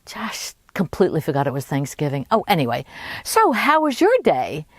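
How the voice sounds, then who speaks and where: A woman voicing a smooth-talking male con man who flatters people and sells fake theater tickets. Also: low voice, normal speed, dry recording, clean studio sound, exaggerated voice. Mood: chatty. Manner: effusive, flattering, gushing.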